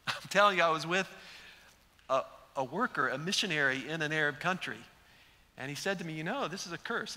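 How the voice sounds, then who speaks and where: A man's voice: sits high, pushed and bright. A man preaching a sermon to a large gathering, telling the story with animation and acting out quoted speech. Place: large church sanctuary. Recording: echoey hall.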